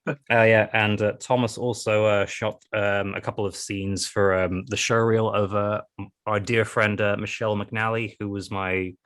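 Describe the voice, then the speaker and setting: A man's voice: on the low side, flat delivery, moderate pace, a bit bright, clear, resonant tone. A man hosting a podcast interview, chatting casually with a jokey, wry manner. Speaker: podcast host.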